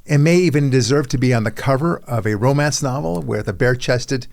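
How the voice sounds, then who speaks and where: A man's voice: mid-range voice, brisk, vocal fry, darkish tone. A middle-aged man hosting a podcast in casual chat, rambling and self-mocking, often repeating his words as he starts sentences. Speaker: podcast host.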